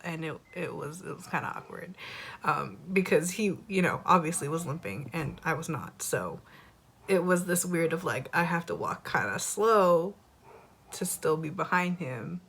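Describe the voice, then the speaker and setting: A young woman gives a candid personal testimony from her church's devotional series. Her voice sits slightly on the low side for a woman. She rambles openly, leaning on fillers and self-conscious little laughs. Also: moderate pace, fairly bright tone. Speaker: church member sharing a devotional.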